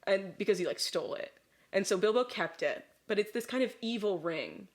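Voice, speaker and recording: A woman co-host talks loosely after a few drinks, her voice sitting at an ordinary middle pitch. She rambles through her story, stacking fillers and breaking into laughing asides. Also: lively intonation, fairly quick. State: a little drunk. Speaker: podcast co-host. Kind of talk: casual chat retelling a story.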